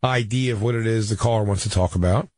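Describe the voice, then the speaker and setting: A man's voice: fairly low pitch, fast talker, darkish tone, dry recording. A man co-hosts a comedy radio show and tells a story in loose banter. He backs up and restarts his sentences as he goes. The mic is close and dry, with no room sound. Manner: rambling, self-correcting storyteller.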